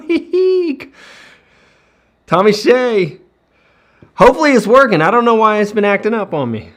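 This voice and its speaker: A man's voice: high-pitched, animated, brisk, fairly bright tone. A man hosting a casual weekly livestream from home, greeting viewers by name and laughing often.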